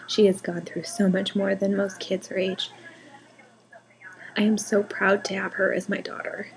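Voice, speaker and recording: Young mom vlogging at home, soft halting voice that keeps dropping near a whisper, faint room hum. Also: female voice, medium pitch, rough recording. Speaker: mother vlogging about her daughter. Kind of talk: emotional personal vlog.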